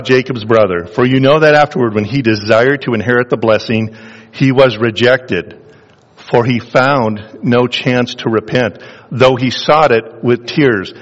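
Preaching man in a reverberant hall. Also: medium pitch. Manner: rhetorical questions, rising emphasis. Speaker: pastor. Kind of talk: sermon. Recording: dull, reverberant hall sound.

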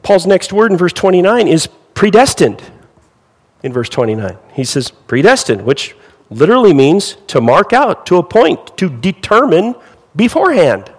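Male pastor, sermon, fairly high voice with very lively pitch, asks rhetorical questions, long hall reverb. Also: normal speed, husky. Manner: animated preaching, rhetorical questions.

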